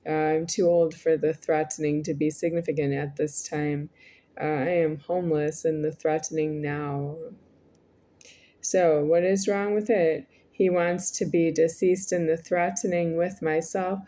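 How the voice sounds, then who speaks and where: Low, mellow-voiced woman in her forties. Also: fairly even intonation, unhurried. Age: 40s. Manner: meandering, repetitive, with frequent filler hesitations. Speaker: vlogger. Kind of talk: rambling monologue to camera.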